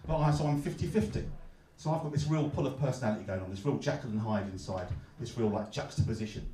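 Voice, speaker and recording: A man from London with a Cockney accent, performing a stand-up comedy set with a deadpan, mock-glum delivery and punchlines he pushes up loud. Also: mid-range voice, fast talker, distant mic, a little hiss or hum. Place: comedy club stage. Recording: echoey club, heard from afar. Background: audience laughter.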